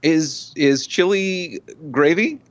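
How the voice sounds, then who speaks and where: A man guest on a podcast, telling stories in a casual, animated, rambling way. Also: a little high, slow, no echo. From United States. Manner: animated storyteller, rambling asides. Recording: dry, dull lo-fi mic.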